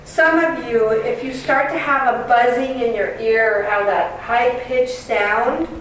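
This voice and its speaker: A woman channeling a kind, loving male cosmic being called Commander Ashtar. She teaches in a calm, earnest, reassuring way. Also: on the high side, measured pace. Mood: instructive. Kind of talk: channeling session. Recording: very echoey room, distant mic, noisy.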